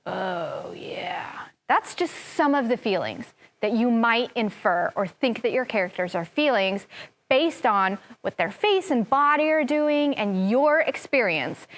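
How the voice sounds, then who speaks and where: A woman teaching kindergarten over a TV classroom, her voice pitched fairly high and full of animated, expressive turns. She talks warmly and slowly enough for small children to follow along. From US Pacific Northwest. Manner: animated, expressive, acts out feelings. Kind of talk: lesson for young children.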